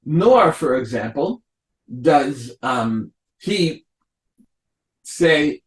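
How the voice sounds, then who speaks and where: A man, a rabbi, giving a Torah lecture, explaining slowly and acting out the quotes of biblical figures. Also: on the high side, lively intonation. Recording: echoey room.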